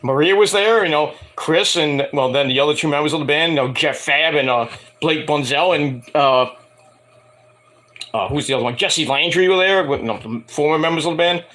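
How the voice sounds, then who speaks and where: A man rambling casually to camera, swearing freely and acting out quoted people in higher voices. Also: fairly quick. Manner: animated, profane, acts out quotes in higher voices. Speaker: wrestling and music vlogger.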